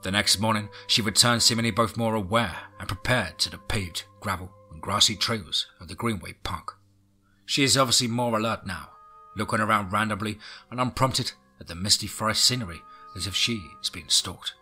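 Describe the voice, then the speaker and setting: A man reading a horror audiobook in a low, brooding way with whispered asides. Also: moderate pace, sharp tone, slightly rough, faint music behind. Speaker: audiobook narrator.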